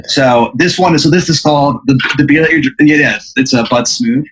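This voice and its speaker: A man's voice: a little high, fairly quick, fairly bright tone, a little hiss or hum, rough recording. A man hosting a podcast, improvising a comic hypothetical story with a rambling, filler-heavy delivery. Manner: rambling, lots of fillers, laughs mid-sentence. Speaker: podcast host.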